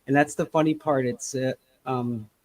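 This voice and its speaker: A man's voice: medium pitch, steady tone, moderate pace, darkish tone, low-quality recording. A man co-hosting a casual podcast who rambles and acts out little scenes as he talks. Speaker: podcast co-host.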